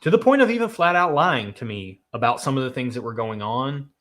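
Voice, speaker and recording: A man's voice: mid-range voice, lively intonation, brisk, fairly bright tone. A man from Nashville, co-hosting a charity livestream in earnest, emphatic casual chat. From Nashville, Tennessee. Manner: earnest, emphatic, reads donor comments aloud. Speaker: livestream co-host.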